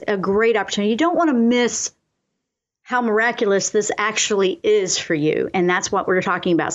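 A woman hosting a radio talk show on spiritual self-help, coaching listeners earnestly and slowing down for affirmations. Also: mid-range voice, dull audio.

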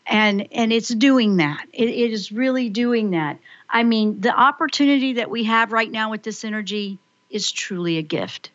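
A fairly high-voiced woman hosts a spiritual call-in radio show, chatting in an excitable, rambling way and acting out her own thoughts as little quotes. The sound is dry and a bit dull, like a lo-fi radio recording. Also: normal speed, no echo.

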